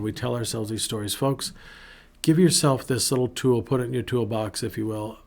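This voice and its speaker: A pastor who hosts his own podcast gives an earnest, conversational devotional talk in a fairly low, creaky voice, speaking fairly quickly with fairly even intonation. He restarts often and acts out prayers and quotes, shifting his voice to do so.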